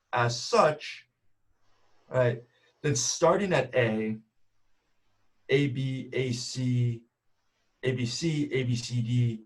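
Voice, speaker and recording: A man giving a math seminar talk over a video call, explaining step by step and often checking in with "right?". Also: mid-range voice. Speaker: math speaker.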